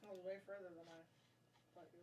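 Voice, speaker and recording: A woman's voice: fairly low pitch, level tone, fast talker, dark tone, husky. A woman making short, teasing remarks, heard from across the room. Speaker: partner off to the side.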